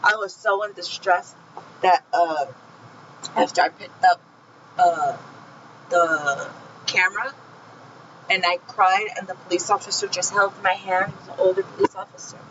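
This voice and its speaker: A woman's voice: on the low side, fairly even intonation, a little slow, pauses often, fairly bright tone, dull audio, a little hiss or hum. Heated, profane woman telling her story. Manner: heated, profane, tells the story with raw feeling. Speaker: vlogger recounting her own experience. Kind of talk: emotional personal storytelling.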